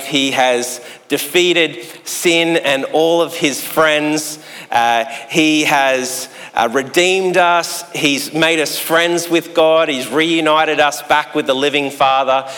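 A man, preaching a sermon in a relaxed, joking way with long pauses. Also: a little high. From Australia. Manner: conversational and jokey, with long pauses. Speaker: pastor. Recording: echoey hall sound.

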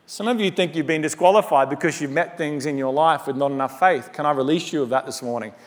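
Speaking quickly in a high voice, a male preacher delivers his sermon with lively, conversational energy, treating the congregation as friends. Funny asides pop up throughout, and the big auditorium's long reverb trails after each phrase.

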